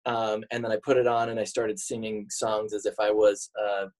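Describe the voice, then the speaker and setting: A man's voice: on the low side, flat delivery, normal speed, a little mellow, rough recording. Joking, self-mocking man telling stories. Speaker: podcast guest. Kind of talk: casual interview chat.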